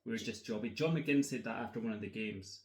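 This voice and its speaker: A man's voice: lowish voice, fast, darkish tone. A man with a Scottish accent talks in a dry, matter-of-fact manner. He drops casual swears as he explains things. The sound carries an echoey room. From Scotland. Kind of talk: casual chat.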